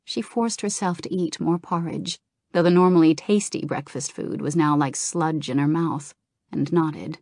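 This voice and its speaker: A woman narrating a fantasy novel in a calm, even storytelling manner. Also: low-pitched, measured pace, no room sound, clean studio sound. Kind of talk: audiobook narration.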